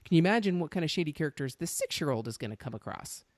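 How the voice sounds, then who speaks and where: A middle-aged woman hosting a podcast, telling stories in a chatty, animated way. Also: low voice, very fast, no room sound. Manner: chatty storyteller, animated when excited. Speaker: podcast host. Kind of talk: casual interview chat.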